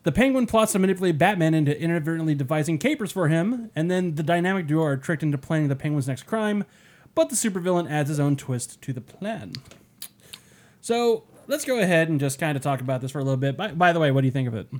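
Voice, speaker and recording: A man's voice: a little high, lively intonation, fast talker, darkish tone. A man co-hosting a podcast, chatting loosely, swearing and joking. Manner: loose, profane, laughing. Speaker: podcast co-host. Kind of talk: casual podcast banter.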